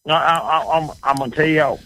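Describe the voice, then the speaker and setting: A man's voice: fairly high pitch, fairly quick, a bit bright, low-quality recording. A man with a Southern accent, a former bull rider talking as a guest on a talk show, blunt and profane, often repeating himself. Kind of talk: casual talk show chat.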